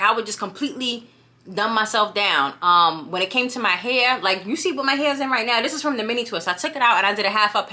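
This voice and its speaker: A young woman with a clear New York accent talks casually to her camera, chatty and animated. Her voice is bright and forward, and she keeps checking in with "you know what I mean?". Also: mid-range voice. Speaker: vlogger.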